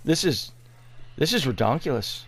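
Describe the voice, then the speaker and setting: A man's voice: a little high, expressive, normal speed, breathy edge. A man giving sarcastic, incredulous commentary over gameplay, ranting with exasperation. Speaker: gaming video creator.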